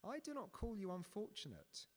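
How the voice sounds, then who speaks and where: A man voicing a great lion who speaks from the darkness in a large, deep, calm and solemn voice. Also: moderate pace, full character voice. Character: vast gentle lion speaking from the dark. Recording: long reverberant hall.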